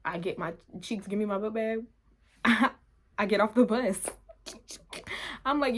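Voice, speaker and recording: A young adult woman vlogger telling a story in a casual, animated way, laughing often and acting out the quotes. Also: medium pitch, moderate pace, slight background noise.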